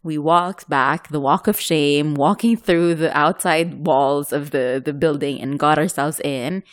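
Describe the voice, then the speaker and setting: A woman from the United Arab Emirates telling a story in a casual chat, animated and laughing often. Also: low voice, measured pace.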